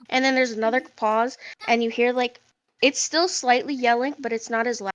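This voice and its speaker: A woman chats as a player in a tabletop game, her voice slightly higher than usual. She hesitates and searches for words as she talks. The sound is dry and close to the mic. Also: steady tone, moderate pace, fairly bright tone, no room sound, lo-fi sound. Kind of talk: casual tabletop game chat.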